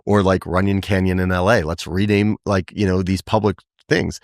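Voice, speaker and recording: A middle-aged man from Canada, on as a publicist guest, spins lively stories and breaks into laughs as he goes. His voice sits fairly low, close and dry in a studio setting. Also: normal speed, no room sound. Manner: animated, laughs through his anecdotes. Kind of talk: casual interview storytelling.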